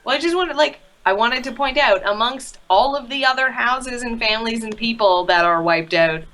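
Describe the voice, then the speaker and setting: A co-host jumps into a casual recap conversation with pointed opinions and wry quips. The voice is bright and smooth, middle in pitch. The delivery is loose and conversational. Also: moderate pace. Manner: interjects with opinions, quips and questions. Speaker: podcast co-host.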